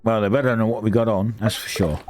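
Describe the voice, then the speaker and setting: A man streaming a video game, musing aloud in relaxed, casual commentary. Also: lowish voice, fast talker, faint music behind. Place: home streaming setup.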